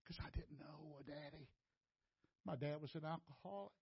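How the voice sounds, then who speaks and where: A man, his voice pitched high and climbing to near-shouts before dropping to a hush. He sounds close to tears at times. The sound is dry and a little muffled, like a church feed. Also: normal speed, gravelly, slightly rough, no echo. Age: 60s. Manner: impassioned, rising to near-shouts and breaking toward tears. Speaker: preacher. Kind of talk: testimony sermon.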